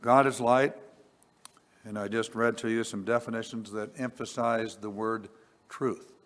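A man preaching a sermon, reading scripture slowly and deliberately, rising on key words and dropping quiet on asides. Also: lowish voice, steady tone. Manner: slow, deliberate, swells on scripture then drops quiet. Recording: long reverb.

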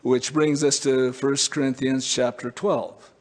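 A man's voice: mid-range voice, level tone, measured pace, big-room sound. A male preacher delivering a conversational sermon, with many fillers and restarts.

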